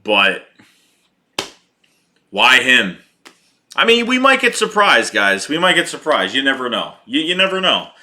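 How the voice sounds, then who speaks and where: Heated male fan host, profane, repetitive, sharp and forceful tone. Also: medium pitch, very animated, measured pace, long pauses, slight background noise. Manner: heated, profane, repeats himself. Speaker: sports podcast host reading chat. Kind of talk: casual fan rant.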